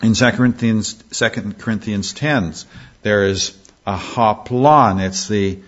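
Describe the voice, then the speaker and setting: A man preaching an expository sermon, emphatic, often restarting phrases and slowing down to read scripture. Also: fairly low pitch, a bit bright. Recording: dull lo-fi sermon recording.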